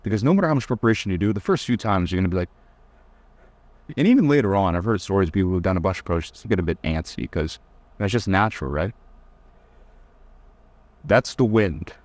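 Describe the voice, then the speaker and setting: Teasing young man with lively delivery. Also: sits low, brisk, pauses often, no room sound. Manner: blunt, teasing, mocks with whiny put-on voices. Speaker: dating advice coach. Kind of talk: casual lecture to camera.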